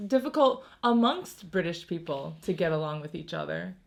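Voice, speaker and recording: A woman's voice: lowish voice, animated, moderate pace, creaky. An American woman in her thirties chatting casually on a vlog, laughing often between thoughts. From United States. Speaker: vlogger. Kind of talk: casual chat.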